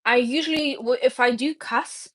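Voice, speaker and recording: Chatty woman streamer with a higher voice. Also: moderate pace, a bit bright. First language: Russian. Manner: rambling, restarts words, laughs often. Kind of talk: casual chat.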